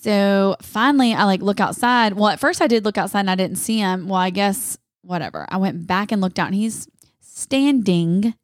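A woman's voice: mid-range voice, moderate pace, dry recording. Woman co-host, storytelling, dry close sound. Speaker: podcast co-host. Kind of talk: casual chat.

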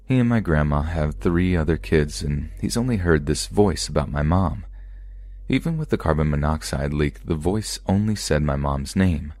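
A man reading true scary stories aloud as a podcast narrator, in a calm, even storytelling delivery. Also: very deep voice, moderate pace, dry recording.

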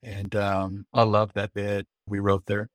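A middle-aged American man, a guest on an interview, telling lively anecdotes and acting out the dialogue he quotes. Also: fairly low pitch, unhurried, no echo. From United States. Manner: lively storyteller who acts out quoted dialogue. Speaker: guest, Olympic bid consultant.

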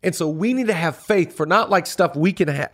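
A middle-aged man, a pastor and podcast host, giving an energetic motivational talk on leadership with emphatic, repeated phrases like a sermon. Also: high voice, fairly quick. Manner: energetic preaching delivery with emphatic repetition.

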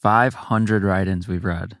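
A man's voice: low-pitched, steady tone, slow pace, a bit bright, dry recording. A man co-hosting a podcast in casual chat, dropping dry, wry asides.

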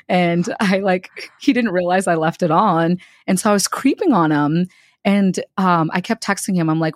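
A woman's voice: on the low side, fairly even intonation, a little fast, no echo, clean studio sound. A young woman co-hosting a podcast, telling a story casually and acting out the quotes with laughter. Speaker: podcast co-host. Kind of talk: casual chat.

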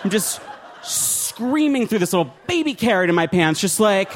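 A man doing a stand-up comedy set on a club stage, with an animated, profane, self-mocking delivery. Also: high-pitched, normal speed, slight background noise. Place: comedy club stage before a laughing audience.

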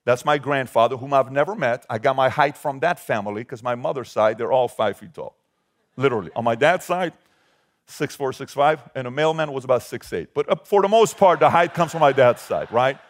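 A man's voice: mid-range voice, brisk. A man in his forties, from Iran, giving an emphatic talk to a live audience and firing rhetorical questions at the crowd. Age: 40s. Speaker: motivational speaker.

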